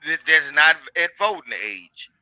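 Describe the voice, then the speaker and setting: Loud, bright-voiced man arguing at length. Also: a little high, unhurried, no room sound, muffled recording. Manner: long-winded, talks over others; monotone delivery. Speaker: call-in panelist. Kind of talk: live panel call-in debate.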